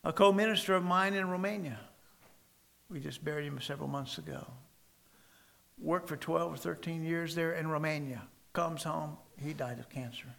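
A man preaching a sermon and telling stories emphatically, with sudden loud stresses and soft drops. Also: on the high side, moderate pace, creaky.

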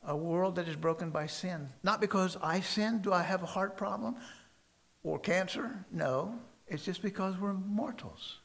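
Gravelly, bright-voiced man preaching. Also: high voice, unhurried. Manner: emphatic storytelling with sudden loud stresses and soft drops. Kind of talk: sermon.

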